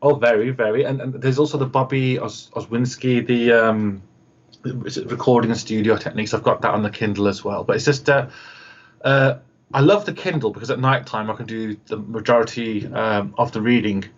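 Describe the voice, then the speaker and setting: A man's voice: fairly low pitch, fairly even intonation, normal speed, lo-fi sound. A man, chatting as a guest on a video call interview, rambling through stories and acting out the people in them, with many fillers. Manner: rambling storyteller, acts out quoted voices, many fillers. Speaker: guest, radio host and producer.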